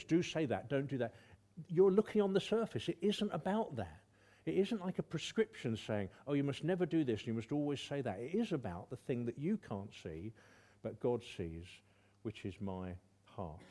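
A man preaching a sermon, emphatic and animated, with frequent ums and restarts. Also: mid-range voice.

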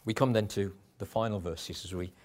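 A man's voice: lowish voice, fairly even intonation, a little fast. A middle-aged man preaching a sermon in a conversational way, with chuckles and restarts.

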